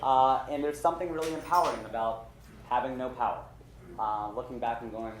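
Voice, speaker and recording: A man's voice: medium pitch, fairly quick. Self-mocking man telling a story. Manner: self-mocking, lively, with frequent fillers. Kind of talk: live comedic storytelling. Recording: echoey stage room with loud noise.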